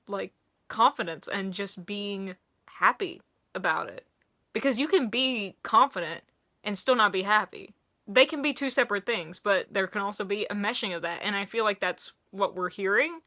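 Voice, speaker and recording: A young woman with a Middle Tennessee accent, animatedly reviewing music in a casual video and laughing often. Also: mid-range voice. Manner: animated, laughing, quick bursts of excitement.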